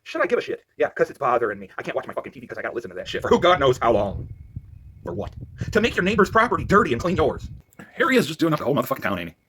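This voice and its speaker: A worked-up man ranting in a profane vlog, swinging between loud outbursts and low muttering. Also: very animated, rapid-fire, slight background noise. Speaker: vlogger.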